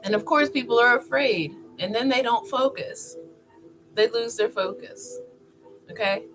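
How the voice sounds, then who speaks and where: A woman vlogger talking casually to camera in a chatty, animated way, often laughing. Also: on the high side, measured pace. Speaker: wellness vlogger. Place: indoor filming setup with two cameras. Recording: clear music playing behind. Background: music.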